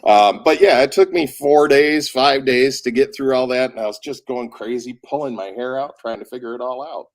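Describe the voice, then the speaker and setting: Speaking at medium pitch and a moderate pace with few pauses, this man narrates audiobooks and currently has a cold. In a casual conversation he tells stories lively, voicing the quotes as he goes.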